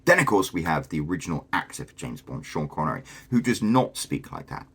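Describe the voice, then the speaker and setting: A man's voice: low-pitched, big pitch swings, brisk, fairly bright tone, breathy edge. A man from Britain with a posh English accent, chatting enthusiastically as a video host. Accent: posh southern English. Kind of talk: casual talking-head commentary.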